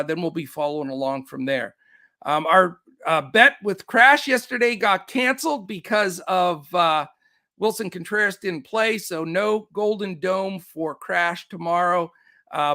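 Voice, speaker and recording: A man hosting a live fantasy sports picks show, talking quickly and upbeat with many fillers, out of breath. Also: sits high, pushed and bright, no room sound, clean studio sound. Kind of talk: live-stream picks rundown.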